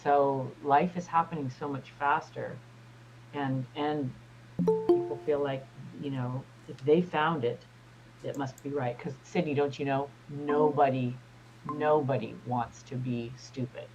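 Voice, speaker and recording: A man's voice: medium pitch, steady tone, measured pace, lo-fi sound, faint music behind. An American man talking in a rambling casual way, full of fillers, as a guest in an online discussion. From United States. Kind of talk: casual chat.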